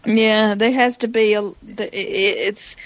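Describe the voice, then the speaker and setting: A woman's voice: medium pitch, fairly even intonation, unhurried, dry recording, muffled recording. A woman co-hosting a casual show recap, hesitant and questioning as she gives her opinions. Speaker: podcast co-host.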